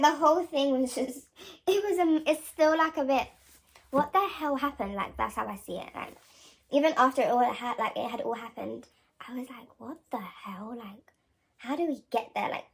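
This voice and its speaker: A young woman, telling a story to camera in a casual vlog, rambling with lots of slang, swearing and filler words. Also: mid-range voice. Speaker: vlogger.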